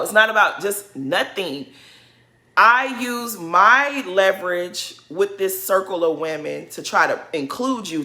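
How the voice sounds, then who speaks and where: Sassy woman with a bright voice. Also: mid-range voice. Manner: sassy, emphatic, mocks others in put-on voices. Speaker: reality TV recap vlogger. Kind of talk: casual opinionated commentary.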